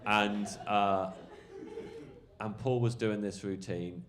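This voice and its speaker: Male comedian, anecdote, rambling, animated, lowish voice. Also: slow, crowd noise. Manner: rambling, animated storytelling, lots of fillers and swearing. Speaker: comedian guest.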